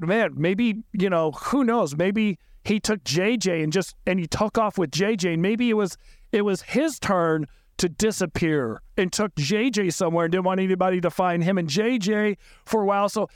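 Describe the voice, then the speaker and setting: High-voiced man recounting a painful story. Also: dry recording, clean studio sound. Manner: halting, repeats and restarts words, rises sharply when upset. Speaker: podcast guest recounting events. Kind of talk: emotional personal recollection.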